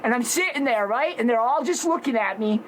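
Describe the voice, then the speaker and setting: A man telling a story loudly and dramatically, acting out shouts and growls. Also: very high voice, expressive, fairly quick, a loud crowd, low-quality recording. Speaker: social media personality. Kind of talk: animated storytelling.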